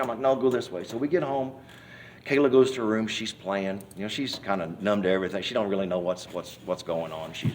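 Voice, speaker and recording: In an interview, a lowish-voiced man shares his personal testimony as a church member, and there's slight background noise. His telling is folksy and rambling, with many restarts, as he acts out each scene and hollers out quoted cries.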